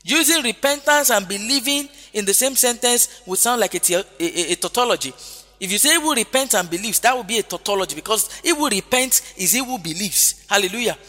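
A man preaches in a high, sharp, animated voice, talking a little fast. He's emphatic, repeats key phrases and often calls out hallelujah, with long hall reverb and faint music in the recording.

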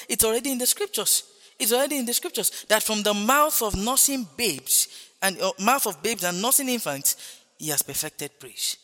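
A man's voice: high-pitched, lively intonation, brisk, bright, forceful tone, long reverb tail. A man preaching a sermon, exhorting his hearers with rhetorical questions and frequent interjections of praise. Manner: emphatic, repeating refrains like "Praise God" and "Hallelujah".

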